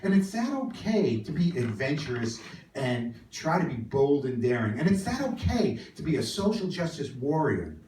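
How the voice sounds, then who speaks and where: A man in his fifties telling a comic personal story on stage, theatrical and animated. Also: moderate pace, reverberant, far from the mic. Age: 50s. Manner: animated, theatrical, swings into high wails. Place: small performance venue, indoors.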